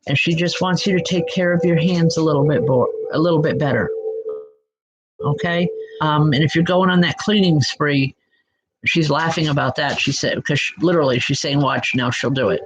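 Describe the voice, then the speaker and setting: A woman giving spiritual readings live to online viewers, speaking gently and reassuringly, calling people by name with many soft hesitations. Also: sits low, moderate pace. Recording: dull lo-fi sound with music behind. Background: background music.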